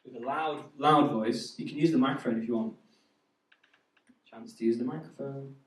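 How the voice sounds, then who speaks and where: A man's voice: mid-range voice, moderate pace. A man preaching a sermon to a youth group, chatty and quizzing the audience. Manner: chatty, asks the audience questions. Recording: echoey hall from far off.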